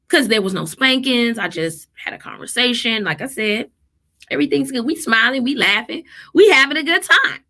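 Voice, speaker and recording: Speaking at normal speed with a medium pitch, this thirty-something mom and therapist vlogs casually about parenting. Her delivery is lively and emphatic, and she mimics the people in her stories with animated voices.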